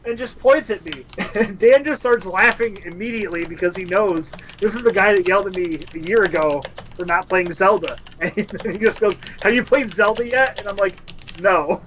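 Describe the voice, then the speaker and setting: A man's voice: high-pitched, slight background noise, rough recording. A man co-hosting a casual podcast, telling stories. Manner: animated storyteller, laughs often. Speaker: podcast co-host. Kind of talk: casual chat.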